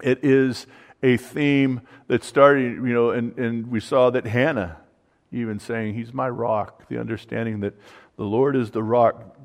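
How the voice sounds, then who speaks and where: A man's voice: mid-range voice, fairly even intonation, measured pace. A man preaching a conversational sermon on a psalm, dropping his voice for the quoted prayers. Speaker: pastor. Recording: long hall reverb.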